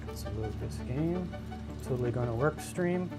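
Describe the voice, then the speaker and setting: A man's voice: medium pitch, lively intonation, normal speed, over music. A man streaming a video game, chatting casually and rambling with his viewers, chuckling now and then. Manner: easygoing, rambling, chuckles to himself. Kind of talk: casual livestream chat while gaming.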